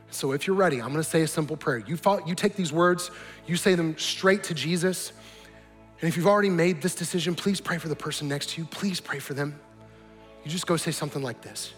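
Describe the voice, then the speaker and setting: A man's voice: on the high side, brisk. A man preaching as a pastor, earnest, building to emphatic appeals. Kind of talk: sermon. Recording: long reverb with soft music behind.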